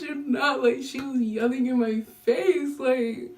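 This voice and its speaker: Young woman vlogger, casual storytime, raised pitch, animated quotes, slightly distant recording. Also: unhurried, slight background noise. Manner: animated, slangy, acts out quoted lines with big pitch jumps.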